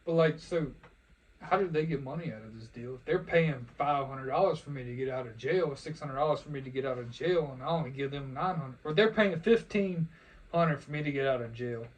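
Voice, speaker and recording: A young podcast host from Louisiana, US, tells profane, laughing stories in a laid-back, casual chat. His voice is mid-range and fairly quick, picked up by a distant mic with faint noise.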